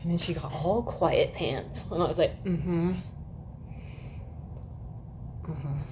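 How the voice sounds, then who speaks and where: Speaking at a normal speed in a deep voice, a woman livestreams from an air-conditioned room in her home, chatting casually and rambling to her viewers. She swears freely and often laughs at herself, with background noise in the clip.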